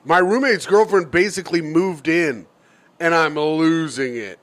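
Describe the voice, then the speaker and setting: High-voiced man joking on a podcast. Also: a little slow, fairly bright tone. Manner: playful, teasing, reads a listener letter aloud. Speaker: podcast co-host. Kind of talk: casual comedic podcast banter.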